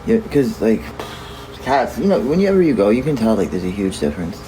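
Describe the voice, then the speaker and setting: Casual male monologist, meandering and jokey; steady ambient noise behind. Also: lowish voice, brisk, poor audio. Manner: joking, meandering, self-correcting.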